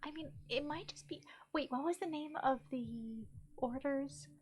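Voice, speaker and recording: A woman's voice: high-pitched, measured pace, darkish tone, a little hiss or hum. A woman playing a tabletop game, thinking aloud and giggling as she chats. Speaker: player. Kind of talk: casual chat.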